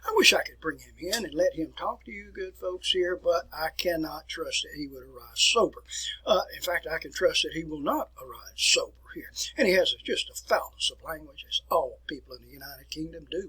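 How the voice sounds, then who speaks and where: A man's voice: on the high side, lively intonation, brisk, pushed and bright, breathy edge, rough recording. A middle-aged man teaching a recorded history lecture, folksy and digressive, talking to his students as folks.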